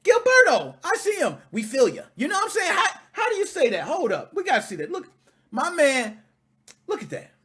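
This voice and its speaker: Animated high-voiced man ranting casually. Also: brisk. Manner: animated, profane, indignant. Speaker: video reaction host. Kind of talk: casual reaction commentary.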